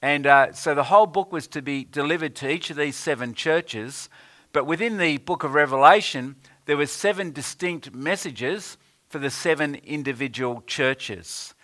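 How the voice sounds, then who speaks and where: A man delivering a sermon at an unhurried pace, pausing often with hesitant fillers. His voice sits a little high and rings bright and forceful. He quotes scripture in old-fashioned wording. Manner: unhurried, many "uh" pauses, quotes scripture in King James wording. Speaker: preacher.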